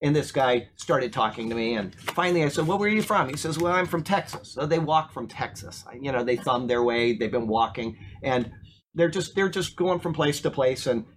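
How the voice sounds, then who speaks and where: A man's voice: mid-range voice, normal speed, slight background noise. A man preaching an informal sermon, telling a story and asking the congregation questions. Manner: storytelling, asks the room questions, repeats words when excited. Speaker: pastor.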